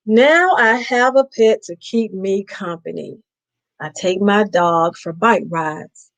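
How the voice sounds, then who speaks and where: Lady reading a kids picture book live, slow and easy, keeps asking the kids stuff. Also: medium pitch, rough recording. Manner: playful, keeps asking the children questions. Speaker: host reading to children.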